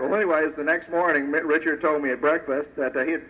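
A man with a fairly high, steady-toned voice talks fast as he recounts his faith testimony to an audience. He's a sculptor with an earnest, folksy storytelling style, and the audio is tinny, phone-like radio sound with faint background noise.

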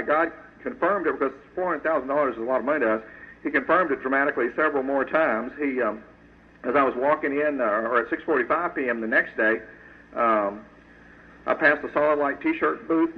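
A man, a sculptor, telling an audience his faith testimony in an earnest, folksy storytelling way. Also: mid-range voice. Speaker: Christian sculptor giving a testimony. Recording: tinny phone-like radio audio.

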